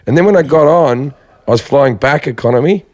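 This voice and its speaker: A man with a mid-range voice cuts in with teasing jokes and wry anecdotes during a relaxed comedy chat. His voice sounds close and dry, with no room sound around it. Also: mid-range voice, brisk, no echo.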